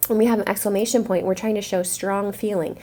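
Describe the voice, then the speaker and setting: A woman teacher speaking to young students, explaining a reading lesson in a clear, encouraging classroom way. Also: medium pitch, fairly even intonation, fast talker, mellow.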